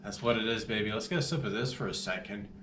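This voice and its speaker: A man's voice: fairly low pitch, fast talker, close to an everyday voice. A man playing a laid-back modern vampire in a rambling, slangy comedy monologue, recorded in an echoey room with faint background hum. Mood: casual. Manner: slangy, rambling, calls everyone baby.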